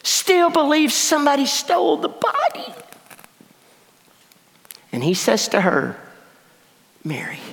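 High-voiced man preaching in a reverberant hall. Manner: dramatic, swings between hushed and exclaiming. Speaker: pastor. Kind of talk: storytelling sermon. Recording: long reverb of a large hall.

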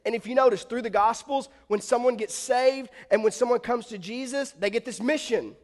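High-voiced preacher in a reverberant hall. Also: male voice, moderate pace. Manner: conversational storytelling, asks the congregation questions. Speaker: pastor. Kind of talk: sermon.

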